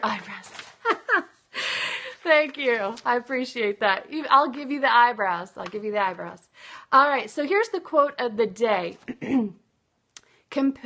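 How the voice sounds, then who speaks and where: Woman coach, bright higher voice, chatty livestream pep talk, talks right to viewers. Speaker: business coach. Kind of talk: live-streamed motivational talk.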